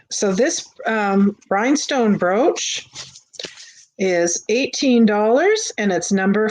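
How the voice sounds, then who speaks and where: A woman hosting a live vintage sale from her home, chatting casually with fillers as she shows each item. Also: on the low side. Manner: chatty, unhurried, with frequent fillers and restarts. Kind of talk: casual live-stream selling. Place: home on a busy street.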